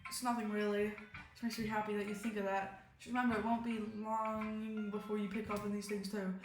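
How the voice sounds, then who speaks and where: A woman voicing a shy, articulate young woman in a literature club, soft-spoken and thoughtful as she reads a visual novel aloud. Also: medium pitch, little pitch movement, brisk, natural voice. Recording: roomy, faint game music.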